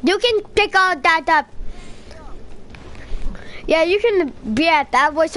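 A young woman plays a game with a friend, turning it into a bossy role-play. Her voice sits very high and sounds bright and sharp, and she talks in a slow, drawn-out way. A faint hum of noise sits behind her. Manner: playful, bossy, shouty outbursts. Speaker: gamer playing with a friend. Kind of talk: playful role-play while gaming.

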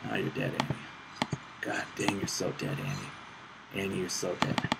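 A man's voice: low voice, sing-song, moderate pace, vocal fry, pauses often, a bit bright. Man swearing over a video game. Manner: frustrated, swearing and muttering at the game. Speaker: gaming channel host. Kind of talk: casual gameplay commentary. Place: hot room at home. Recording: noisy home recording with clicks.

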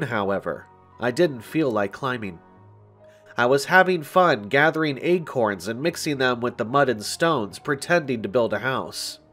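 Slow-reading male horror storyteller. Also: medium pitch, a bit bright. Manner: slow, deliberate first-person storytelling. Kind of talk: scripted horror story narration. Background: faint music.

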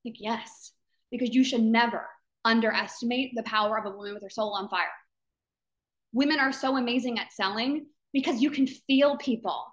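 A woman's voice: a little high, a little fast. Fervent woman rallying her community. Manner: fervent, emphatic, repeats phrases for emphasis; acts out other people's doubting voices in quotes. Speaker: founder and host of a women's business community. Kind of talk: motivational talk on a live video call. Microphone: video call.

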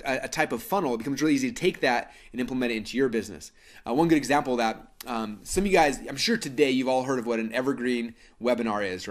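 A man in his thirties from Idaho hosting a live webinar, telling a story with lots of fillers and restarts. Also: medium pitch. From Idaho, United States. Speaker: webinar host.

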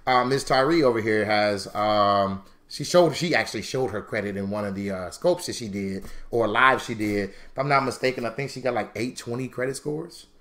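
A man teaching a live-streamed credit class, chatty and animated, calling viewers "y'all" and acting out mock quotes. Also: lowish voice, moderate pace, few pauses. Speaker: credit repair instructor.

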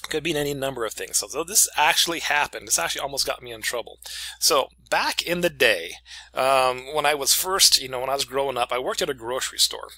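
A man's voice: medium pitch, fairly quick, bright, forceful tone, dry recording, rough recording. A middle-aged man, an English professor, giving a chatty, casual lecture full of stories and "okay?" check-ins.

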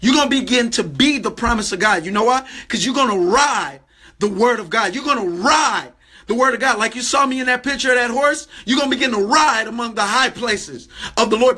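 A man delivers a livestream sermon in a fervent, repeating preacher's cadence. His voice sits very high for a man and rings bright and forceful.

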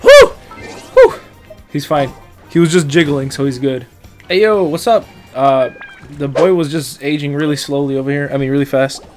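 A man streaming a video game and commenting loudly, excitable, joking and crude. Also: fairly high pitch, moderate pace. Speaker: gaming streamer. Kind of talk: let's-play commentary. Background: game music.

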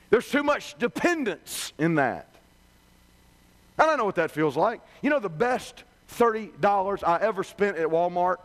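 High-pitched male revival preacher, folksy and humorous, conversational sermon delivery.

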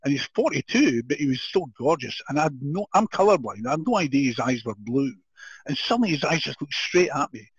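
An older man from Scotland with a Scottish accent, a podcast guest telling an animated story with frequent laughter and restarted sentences. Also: mid-range voice, fairly quick, husky, no room sound. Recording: dull, dry lo-fi audio.

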